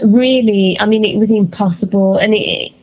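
A woman's voice: medium pitch, moderate pace. Woman chatty English guest, lo-fi. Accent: English Birmingham. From England. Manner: laughing, chatty, warm about accents. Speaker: musician guest. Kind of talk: casual interview chat.

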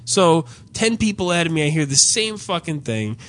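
A man's voice: fairly high pitch, very animated, normal speed, fairly bright tone. A man casually telling a comedic story, profane and exasperated, acting out the people in it. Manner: profane, exasperated, acts out quoted dialogue. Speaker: storyteller in podcast chat.

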